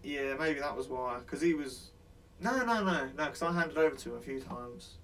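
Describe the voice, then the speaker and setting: A man's voice: medium pitch, moderate pace, a bit bright. A man telling rambling, sweary war stories in casual chat, laughing as he goes.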